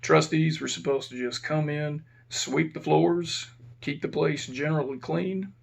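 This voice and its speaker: A man's voice: a little high, fairly even intonation, unhurried, creaky. A man who used to be a prison officer tells a rambling, plain-spoken story in a casual way and keeps correcting himself. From Texas.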